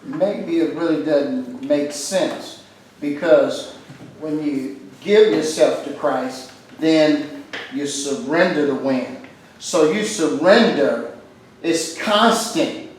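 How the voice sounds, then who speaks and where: A man in a church Bible study reading scripture aloud in a measured way and adding his own halting thoughts. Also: a little high. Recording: echoey room, far from mic, faint noise.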